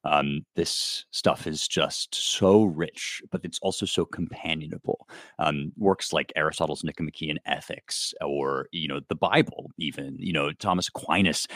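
Deep-voiced man explaining eagerly. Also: no echo, clean studio sound. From United States. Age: 30s. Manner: animated, explains with many fillers and restarts. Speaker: guest author. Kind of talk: casual conversational interview.

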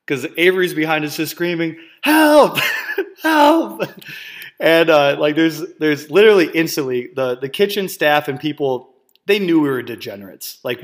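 A man's voice: a little high, a bit bright. A man from Wisconsin hosting a podcast, telling a story casually, rambling with fillers, laughs and swearing. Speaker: podcast host and coach.

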